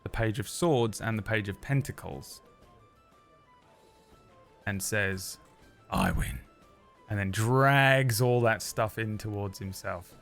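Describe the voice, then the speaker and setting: A young man narrating as game master for a tabletop game, relaxed and a little hesitant. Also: on the low side, slow pace, pauses often, faint music behind.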